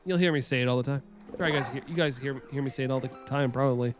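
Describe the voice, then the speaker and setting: A man's voice: mid-range voice, rapid-fire, soft background music. A man chatting casually with his live-stream viewers, rambling and laughing often.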